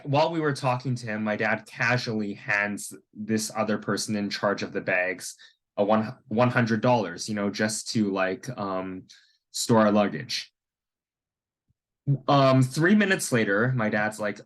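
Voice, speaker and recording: A man's voice: on the low side, unhurried. A young man from Canada telling a personal story in a casual, rambling way, full of fillers. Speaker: vlogger.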